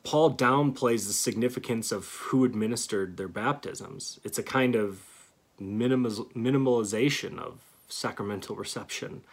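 A man giving an earnest theology lecture, stressing key words and pausing to restart phrases. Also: medium pitch. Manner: earnest, emphatic, reads scripture aloud with pauses and restarts. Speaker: Christian teacher.

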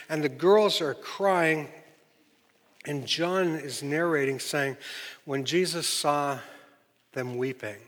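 A man preaching to his congregation, his voice sitting slightly high. He tells the story with energy and acts out each person he quotes. The sound carries a long reverb from a large church hall. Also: a bit bright. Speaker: pastor. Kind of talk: sermon.

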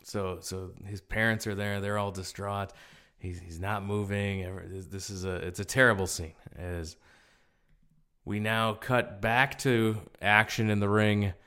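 A man co-hosting a casual podcast, blunt and quick to agree. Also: fairly low pitch, flat delivery, pushed and bright, clear, resonant tone. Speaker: podcast co-host. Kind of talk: casual chat.

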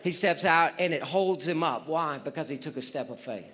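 A man with a fairly high, slightly bright voice preaches a sermon at a normal pace. He is emphatic, repeats his phrases, and keeps putting rhetorical questions to his listeners.

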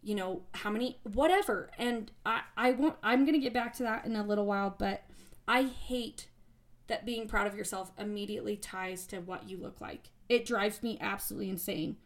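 A woman's voice: mid-range voice, normal speed. A young woman talking casually at home, blunt and frank, swearing freely and rambling through fillers and restarts. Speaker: former bodybuilding competitor. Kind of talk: casual monologue to camera. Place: at home, relaxing.

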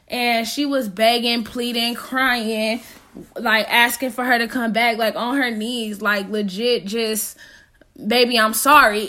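A young woman spins a personal story in loose, slangy chat, filling it with "like." Her voice sits a little high and sounds bright and forward. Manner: animated, slangy, heavy on "like".

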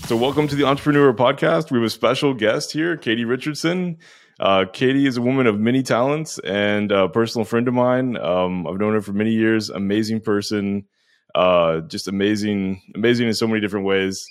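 Lower-voiced man hosting a podcast. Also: a little fast. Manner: effusive, filler-heavy. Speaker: podcast host. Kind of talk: casual interview hosting.

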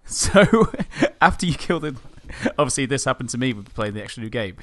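A man's voice: mid-range voice, big pitch swings, a little fast, a bit bright, dry recording. A man telling a game anecdote with frequent laughs. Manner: giggly, anecdotal. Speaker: podcast co-host. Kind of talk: casual chat about a video game.

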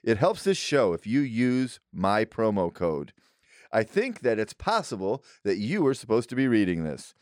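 A man reading a sponsor ad in a casual, deadpan way. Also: lowish voice, moderate pace, no room sound, studio quality. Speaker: ad reader. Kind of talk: casual ad read.

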